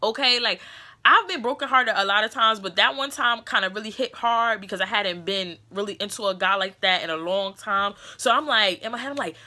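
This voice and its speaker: A young woman tells a story in a casual vlog, with a bright, forceful voice. She is blunt and profane and acts out the lines of the people in the story. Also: on the high side, normal speed. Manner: blunt, profane and animated, acting out quotes. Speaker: beauty vlogger.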